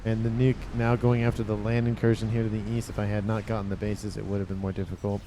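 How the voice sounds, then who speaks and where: A man casually commentating a strategy game replay, reacting excitably as the action unfolds. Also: lowish voice, noisy background. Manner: excitable, quick reactions, often exclaims "oh".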